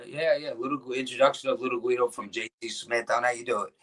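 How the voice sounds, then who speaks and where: A middle-aged man tells old stories in a relaxed interview. He rambles and restarts his sentences, slipping into the voices of people he quotes. His pitch sits in an ordinary male middle range. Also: rapid-fire. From New Jersey. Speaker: guest, former pro wrestler. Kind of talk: casual interview storytelling.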